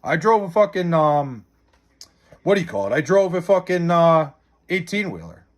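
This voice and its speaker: A man's voice: fairly high pitch, big pitch swings, moderate pace. A young man streaming live, chatting casually and bluntly with his chat, swearing a lot as he answers their questions.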